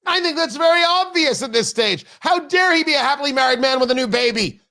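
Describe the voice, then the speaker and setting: A man's voice: very high voice, lively intonation, quick pace, pushed and bright. A man hosting a talk radio show, delivering an opinionated monologue with sarcastic, mocking asides from his studio.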